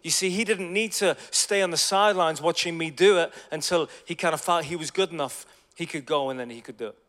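A man preaching a sermon full of stories, conversational and energetic, swinging between loud bursts and hushed asides. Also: a little high, a little fast. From Ireland. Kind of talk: sermon with storytelling. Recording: long hall reverb.

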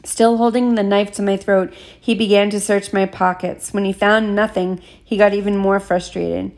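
A woman reading an audiobook chapter in a steady, measured first-person narration. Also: medium pitch. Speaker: audiobook reader.

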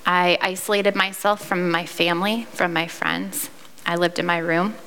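A woman in her thirties from Iowa tells her own testimony, candid and earnest, with a bright, forceful voice. Her words ring out with a long reverb, as if from a large hall. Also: fairly low pitch, steady tone, normal speed. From Iowa, United States. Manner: earnest, candid storytelling with fillers and restarts. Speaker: speaker sharing a personal testimony. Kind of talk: personal testimony.

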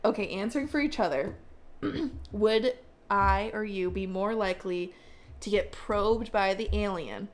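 A woman's voice: medium pitch, a little slow. A young woman co-hosting a podcast in casual chat, rambling and giggly with lots of fillers. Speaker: podcast co-host.

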